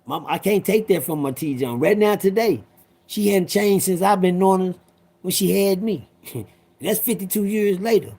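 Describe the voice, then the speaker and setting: A man's voice: high-pitched, moderate pace, darkish tone, breathy edge. A man in his fifties telling a personal story in a rambling, profane way, talking straight to his listeners. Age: 50s.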